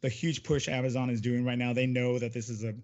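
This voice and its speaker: A man's voice: medium pitch, flat delivery, fast talker, darkish tone. A man chatting casually, easygoing and full of fillers. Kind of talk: casual chat. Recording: dull lo-fi mic.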